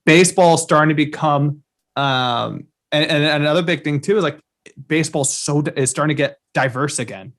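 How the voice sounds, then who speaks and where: A man's voice: a little high, a bit bright. A young man co-hosting a podcast, talking with enthusiasm and stopping often to restart. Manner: enthusiastic, halting, many restarts. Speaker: podcast co-host. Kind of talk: casual chat.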